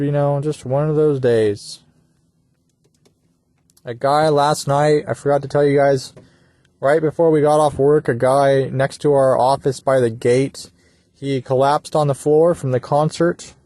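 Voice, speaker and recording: A man's voice: on the high side, dark tone, no room sound. A young man talking in a rambling solo monologue, meandering and crude, often trailing off into mumbles. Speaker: podcaster. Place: at work during a shift.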